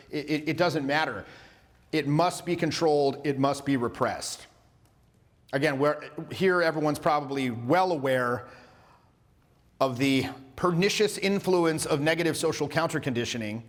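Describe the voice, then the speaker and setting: A man in his forties, a social skills coach giving a workshop lecture, talking in an animated, casual way with some swearing as he acts out short exchanges. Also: fairly high pitch, normal speed. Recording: long hall reverb.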